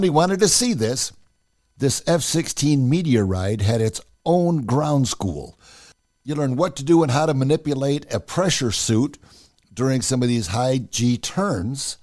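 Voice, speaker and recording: Animated male storyteller with lively pitch. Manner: animated, acts out the dialogue. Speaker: podcast host. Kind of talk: casual personal storytelling.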